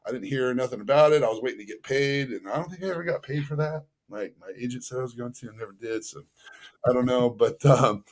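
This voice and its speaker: A man from the Los Angeles area, a podcast guest telling stories in a casual, animated way, acting out quoted dialogue and using lots of fillers. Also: medium pitch, fast talker. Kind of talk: casual storytelling.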